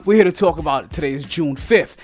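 High-voiced, excitable male podcast host. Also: fast, soft background music. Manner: energetic, excitable, stammering repeats. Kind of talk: casual sports podcast talk.

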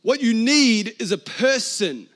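A man voicing a booming male angel in an odd mixed accent, played for laughs within a sermon. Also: animated, takes it slowly, a bit bright, full character voice. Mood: mock-grand. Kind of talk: playful sermon role-play.

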